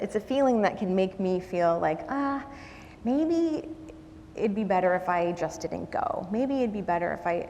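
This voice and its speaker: A woman's voice: on the low side, vocal fry, a little mellow, a little hiss or hum. A woman telling a personal story as a guest speaker, conversational and self-deprecating, with frequent ums and asides. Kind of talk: storytelling talk. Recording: hall reverb.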